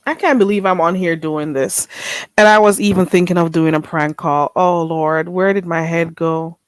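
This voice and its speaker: A woman's voice: fairly low pitch, fairly even intonation, moderate pace, clean tone, dry recording. A woman vlogger in casual solo chat, chatty and self-mocking, talking half to herself.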